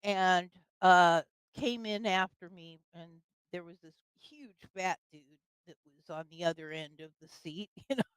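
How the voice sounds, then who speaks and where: A woman's voice: on the low side, measured pace, clean tone, no echo, rough recording. An older woman telling a personal story in casual conversation, with fillers and laughs. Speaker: guest storyteller.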